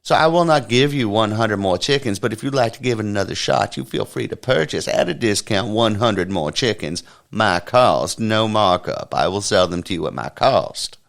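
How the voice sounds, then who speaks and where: A man's voice: fairly low pitch, lively intonation, normal speed, creaky, few pauses, a bit bright. A man doing a folksy country store clerk. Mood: courteous. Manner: patient, folksy, courteous. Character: friendly polite male country feed-store clerk.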